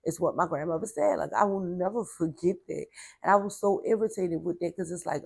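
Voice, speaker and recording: A woman's voice: fairly low pitch, brisk, creaky, breathy edge, no echo. A woman casually telling a personal story from her childhood in a chatty way, full of "like" and "baby", venting her frustration. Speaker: storyteller sharing a personal testimony.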